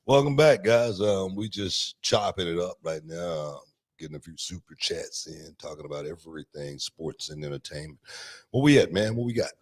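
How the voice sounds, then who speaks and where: A middle-aged man with a very low voice, chatting casually as a podcast host. He is laid-back and often repeats a word before finishing his thought. He is recorded on a studio mic. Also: animated, normal speed. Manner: laid-back, repeats words while thinking. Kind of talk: casual sports chat. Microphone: studio microphone.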